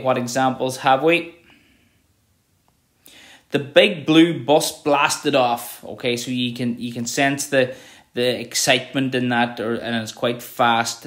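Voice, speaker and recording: A man teaching a revision lesson to students at home. His voice sits at an ordinary middle pitch, and he explains step by step, checking in with "okay" as he goes. He slows right down whenever he reads an example line aloud. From Ireland.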